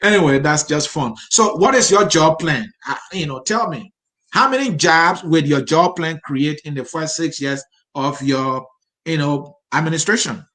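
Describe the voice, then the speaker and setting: Man, interview host, firm, slightly high voice. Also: moderate pace, sharp tone. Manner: stern, scolding viewers. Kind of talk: live online political interview.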